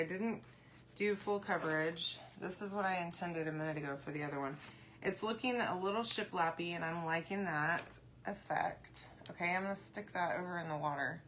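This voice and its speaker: A chatty woman with a slightly low voice walks viewers through a craft project in a loose, rambling way. She talks while she works and answers comments aloud as they come in. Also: a bit bright, slight background noise. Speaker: craft video host. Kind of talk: casual crafting tutorial.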